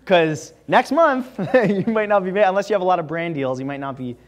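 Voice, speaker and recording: A young man from Canada speaks to a college audience in a lecture room. His voice sits a little high for a man, and he talks in a loose, chatty way full of fillers and asides. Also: lively intonation, brisk. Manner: casual, chatty, lots of "like" fillers. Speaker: guest speaker. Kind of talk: campus talk with Q&A.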